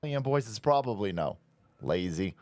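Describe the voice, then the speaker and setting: A man's voice: on the low side, expressive, fairly quick, darkish tone, no echo, clean studio sound. A man hosting a show, giving crude, mocking play-by-play commentary over video clips. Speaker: show host.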